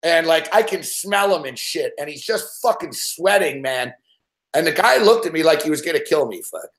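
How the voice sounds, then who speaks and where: Foul-mouthed dude rambling through a story, kinda high voice, growls and laughs it out. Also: male voice, lively intonation, moderate pace, a bit bright. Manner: swears constantly, rambling, acts out growls and laughs. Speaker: show regular telling a story. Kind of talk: casual profane storytelling.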